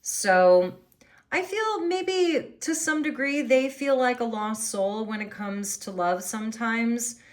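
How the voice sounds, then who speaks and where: A woman's voice: on the high side, expressive, slow. A woman doing a tarot reading, musing and thinking aloud as she turns over the cards. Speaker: tarot reader.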